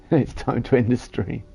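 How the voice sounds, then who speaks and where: A man's voice: mid-range voice, creaky, warm tone, breathy edge. A tired man giving casual commentary on a game he is streaming from home, muttering to himself as he builds. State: tired, yawning.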